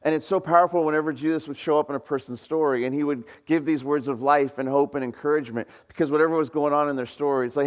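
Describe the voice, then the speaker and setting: A male pastor preaching a relaxed, chatty sermon in a church hall, often turning questions to his listeners. His voice sits a little high for a man. A long reverb from the hall trails after his words. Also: fast. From United States. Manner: conversational, asks the congregation questions.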